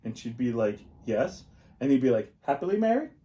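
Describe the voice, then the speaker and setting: This middle-aged podcast co-host has a dark, medium-pitched voice and speaks fairly quickly with a very animated delivery. In casual chat, he wanders through his stories and leans heavily on filler words.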